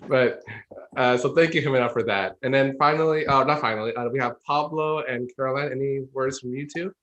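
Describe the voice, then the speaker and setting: A man's voice: medium pitch, fairly quick, fairly bright tone, highs cut off. Upbeat man hosting a panel. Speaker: host. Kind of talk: livestream panel wrap-up.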